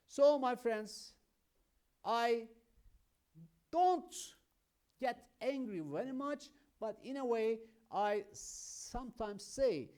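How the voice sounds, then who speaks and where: A man teaching an English grammar lesson, explaining slowly and emphatically through examples. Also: high voice, expressive, warm tone. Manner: slow, emphatic, explains with examples, keeps saying "my friends".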